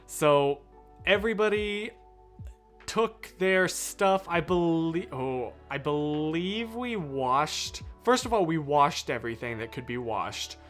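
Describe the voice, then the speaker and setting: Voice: medium pitch, lively intonation, takes it slowly, fairly bright tone, soft background music. A live streamer telling a story in casual, rambling chat, often stopping to correct themself and talk to viewers.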